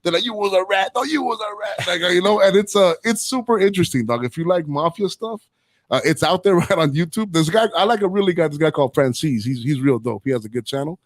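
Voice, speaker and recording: A man's voice: on the high side, expressive, fast talker, no echo. A man hosting a casual chat, rambling in slang and tagging lines with "right?" and "dog.". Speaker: podcast host.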